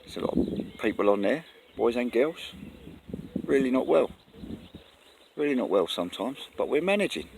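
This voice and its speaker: A man's voice: medium pitch, expressive, moderate pace, gravelly, pauses often, darkish tone. A man talking casually and earnestly to camera outdoors in the countryside, rambling and correcting himself as he goes. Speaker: vlogger. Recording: faint outdoor noise, birds.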